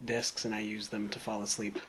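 Young adult man, bright voice, rambling podcast co-host. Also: on the low side, completely flat delivery, brisk, a little hiss or hum. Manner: rambling, self-interrupting, laughs easily. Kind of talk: casual chat.

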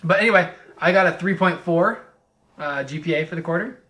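Young guy hosting a podcast, bright crisp voice, laughs a lot, chatty. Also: high-pitched, fairly quick. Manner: upbeat, laughs often, reads listener mail aloud. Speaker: podcast host. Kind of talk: casual chat.

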